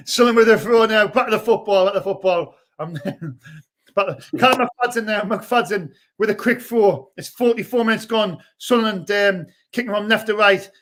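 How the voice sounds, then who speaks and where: A young man, hosting a live fan stream and commentating excitedly, shouting during attacks. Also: high voice. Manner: shouts and rushes during attacks, chats between. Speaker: fan channel host.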